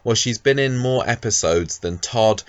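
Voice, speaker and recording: A man's voice: mid-range voice, moderate pace, dry recording, dull audio. A man co-hosting a casual podcast, talking about a soap character with lots of ums and restarts. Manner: hesitant, many ums and restarts. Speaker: podcast co-host.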